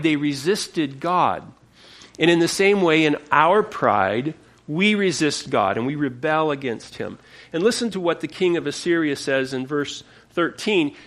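A male pastor preaching a sermon, passionate and expressive, often repeating words as he goes. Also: fairly high pitch. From United States.

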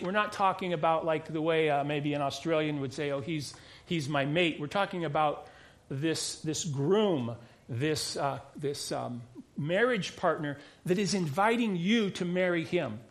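High-voiced man preaching conversationally. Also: moderate pace. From United States. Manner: conversational preaching with frequent restarts and asides. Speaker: pastor. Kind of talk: sermon.

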